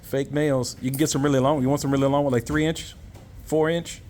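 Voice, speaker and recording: A man's voice: medium pitch, flat delivery, fairly quick, darkish tone. A man vlogging in a casual, candid, rambling way, sometimes talking to a puppy. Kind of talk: casual vlog talk. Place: Thailand, indoors and out. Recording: noisy street ambience.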